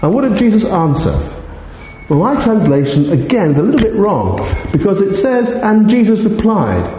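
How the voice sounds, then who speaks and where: In a church meeting hall, a man delivers an expository sermon to his congregation, emphatic and teacherly, asking rhetorical question after rhetorical question. His voice is high, sing-song, and warm at a moderate pace. The recording is muffled with slight hiss or hum and a long, echoey reverb.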